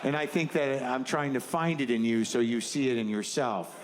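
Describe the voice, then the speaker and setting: Stand-up comic, male, middle pitch, sardonic rant, faint crowd laughter behind. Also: moderate pace, noisy background. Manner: rambling, sardonic ranting with asides. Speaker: stand-up comedian. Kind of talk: stand-up routine. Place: comedy stage before a live audience. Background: faint audience laughter and ambience.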